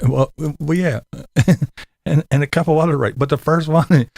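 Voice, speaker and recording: A man's voice: a little high, moderate pace, gravelly, darkish tone, dry recording, studio quality. A man chatting casually with his online viewers, laughing through most sentences and swearing while he mocks. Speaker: livestream host answering chat. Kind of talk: casual commentary chat.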